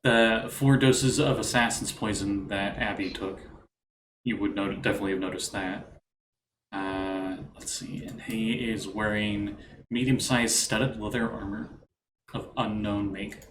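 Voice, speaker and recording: A man's voice: on the low side, measured pace. A man narrating as game master of a tabletop game, describing scenes in a loose, rambling way. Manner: relaxed, rambling description with fillers. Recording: echoey room with background noise.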